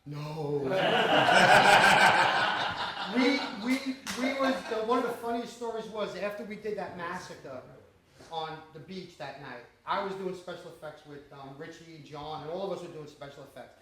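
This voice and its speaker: A man's voice: high-pitched, expressive, unhurried, bright, forceful tone, a little hiss or hum. A man, telling stories and laughing as he takes questions after a screening of his film. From the Bronx, New York. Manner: storytelling, laughing often, swearing. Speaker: independent filmmaker. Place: small cinema venue. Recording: echoey room with audience. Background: audience.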